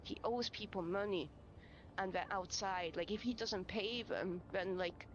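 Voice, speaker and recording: A woman recounting a personal story in an interview, emotional and halting, with many fillers. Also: medium pitch, highs cut off, slight background noise. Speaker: interviewee in a video.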